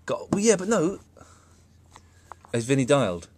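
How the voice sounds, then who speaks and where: A man's voice: a little high, big pitch swings, measured pace, darkish tone, slight background noise. A man hosting a radio show, chatting jokily in the studio with many restarts. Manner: joking, rambling with restarts. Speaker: radio host. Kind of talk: casual studio chat.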